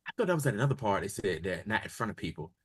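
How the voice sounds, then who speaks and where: In this clip a man with a fairly low, husky voice talks at a racing clip. He's co-hosting a podcast, casually recapping a TV episode and animatedly acting out the characters' lines as he retells it.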